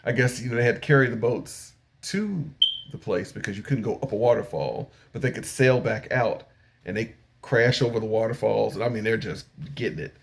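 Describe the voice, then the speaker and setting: A man's voice: lowish voice, fairly quick, vocal fry, slight background noise. An older man casually recapping an anime episode, rambling along with frequent fillers. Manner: rambling retelling with frequent fillers and acted-out paraphrases. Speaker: anime reviewer.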